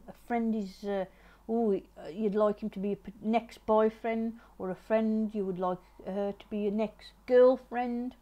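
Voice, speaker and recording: A middle-aged woman reads tarot in a casual, chatty way. She has a slightly high voice. She repeats herself often, restarts her sentences and gently urges the listener to slow down. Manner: repetitive, restarting, gently advising. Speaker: tarot reader. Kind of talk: casual tarot reading to camera.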